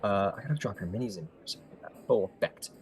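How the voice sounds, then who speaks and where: Laid-back male game master, low voice, halting narration, soft music underneath. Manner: casual, halting, many fillers.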